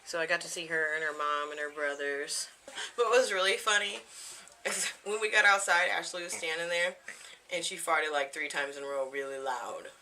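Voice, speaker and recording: A woman in her thirties sits at home and talks casually into her camera, wandering from one thing to the next and laughing often. Her voice is bright and sits a little low. A faint hiss runs under the camera mic. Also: moderate pace. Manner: rambling, chatty, laughs often. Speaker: vlogger. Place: home, indoors.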